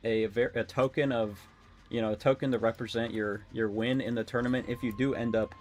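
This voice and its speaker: A young adult man streaming a game, rambling and excitable, swearing often and talking to his chat. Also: mid-range voice, a little fast. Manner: talks to chat. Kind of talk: casual live-stream commentary while gaming.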